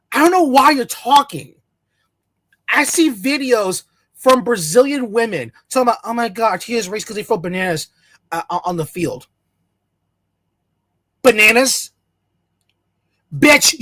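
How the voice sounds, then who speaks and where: A fired-up commentator rants alone to the audience, swearing freely and mocking opponents with sarcastic quoted asides. The voice sits at a middling pitch. The recording is dry and close, with no room sound. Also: fairly bright tone, dry recording. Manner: heated, profane, sarcastic, mocks others in quoted voices. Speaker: channel host. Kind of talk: solo ranting commentary to camera. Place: in the United States.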